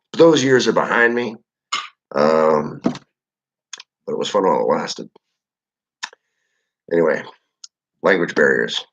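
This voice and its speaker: A young man with a very low voice rambles through a live chat, loose and relaxed. His talk is full of filler words and casual swearing. The audio is dull and lo-fi. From Michigan, USA. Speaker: livestream host reading chat.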